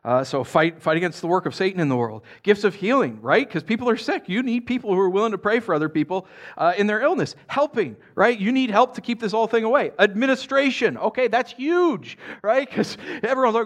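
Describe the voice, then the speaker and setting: A man preaching a sermon to his congregation, chatty and animated, often tossing in "right?", and dropping soft and low when he reads scripture. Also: fairly quick. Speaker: pastor.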